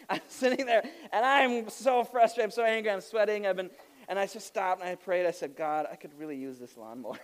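A man preaching a sermon, opening with a funny personal story and laughing at himself as he goes. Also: sits high. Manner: animated storytelling with self-deprecating laughs. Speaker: pastor.

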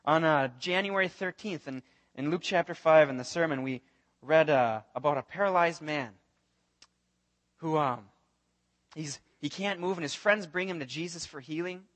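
High-voiced man preaching a sermon. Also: moderate pace. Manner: earnest, animated storytelling with acted-out voices. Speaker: pastor.

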